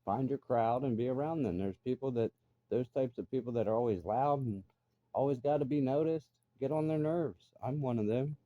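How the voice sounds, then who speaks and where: A man's voice: mid-range voice, moderate pace, no echo, narrow, tinny audio. A middle-aged man ranting bluntly and profanely in a casual monologue. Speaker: vlogger.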